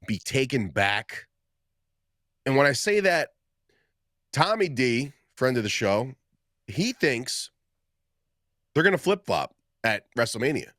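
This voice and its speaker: A man's voice: mid-range voice, fairly bright tone, no room sound, clean studio sound. A man co-hosting a podcast in casual chat, rambling and acting out quotes in different voices. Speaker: podcast co-host.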